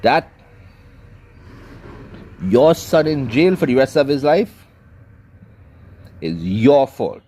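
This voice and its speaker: A man delivers a scolding monologue in a preacherly cadence, his pitch swinging widely between emphatic highs and low, weighty drops. His voice sits at an ordinary middle register. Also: sing-song, slow pace, long pauses, mellow, a little hiss or hum. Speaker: commentator. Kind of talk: ranting commentary monologue.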